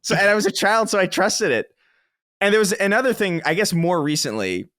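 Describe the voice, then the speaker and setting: A man's voice: sits high, lively intonation, fairly quick, fairly bright tone. A man from the Bronx telling rambling, self-mocking stories as a guest on a casual podcast, cursing freely.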